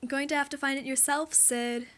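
A woman's voice: mid-range voice, normal speed, lightly acted. Woman doing a sing-song teasing hockey guy. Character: male hockey player, sing-song teaser.

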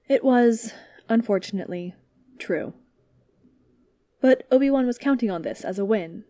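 A woman reading a story aloud as narrator, in a calm, steady manner. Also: on the high side, moderate pace, long pauses, no echo.

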